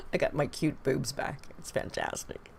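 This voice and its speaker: A woman's voice: sits low, lively intonation, takes it slowly, creaky, a little hiss or hum. A woman with a British accent, chatting casually and gossiping as she reacts to video clips and reads viewer comments. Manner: chatty and gossipy, laughs often, muses aloud. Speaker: reaction streamer.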